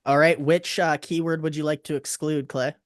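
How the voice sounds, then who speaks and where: A man running a tabletop game as game master, narrating scenes in a relaxed, halting way with fillers. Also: a little high, smooth, dry recording, studio quality.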